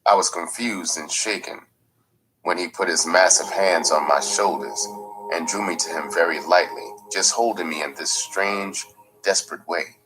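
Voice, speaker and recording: A man reading a first-person memoir aloud in a slow, measured, gritty storytelling manner. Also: deep voice, low-quality recording. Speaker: audiobook narrator. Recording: faint music underneath.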